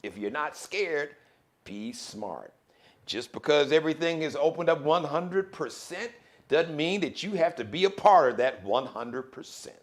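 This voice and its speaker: Speaking in a mid-range voice, a man hosting a live daily show gives a lively, preachy monologue, alternating between loud eruptions and quiet warnings.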